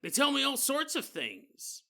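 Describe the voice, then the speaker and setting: A man voicing a creepy, murderous male convict who talks slowly and in a hushed, menacing way. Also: extremely high pitch, huge pitch swings, gravelly, voice pushed up, heavily acted. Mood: eerie hushed.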